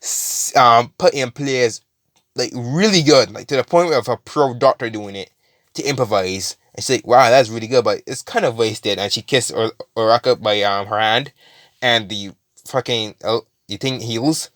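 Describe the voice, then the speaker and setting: A man's voice: medium pitch, measured pace, fairly bright tone, no room sound, studio quality. Rambling man telling a fan story. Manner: rambling, with many fillers, restarts and swearing. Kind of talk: casual retelling of a fan story.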